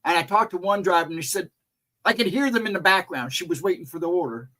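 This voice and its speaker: A man's voice: sits high, fast, pushed and bright. A man co-hosting a livestream, chatting casually with a rambling, laughing manner. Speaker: co-host.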